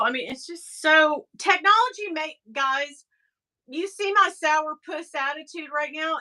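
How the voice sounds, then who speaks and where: A middle-aged woman hosting a casual livestream, talking straight to her viewers in a rambling, exasperated way. Her voice sits high and sounds bright. She takes her time, with an unhurried pace. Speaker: livestream host.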